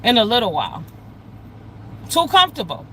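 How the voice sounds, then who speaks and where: A woman ranting on a casual livestream, blunt, loud and profane, talking straight to her viewers. Her voice is bright and cutting, with faint traffic noise behind her. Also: a little high, wildly swooping pitch, normal speed, poor audio. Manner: addresses chat viewers directly. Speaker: live streamer.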